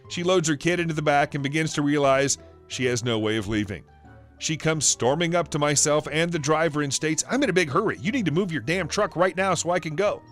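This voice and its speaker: A man narrating a first-person story in a wry, dryly sarcastic storytelling manner. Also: on the high side.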